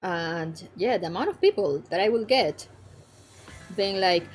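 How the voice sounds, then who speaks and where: A woman's voice: lowish voice, animated, measured pace. Frank, chatty young woman streamer. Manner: chatty, frank, swears freely, laughs often. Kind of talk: casual chat. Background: faint background music.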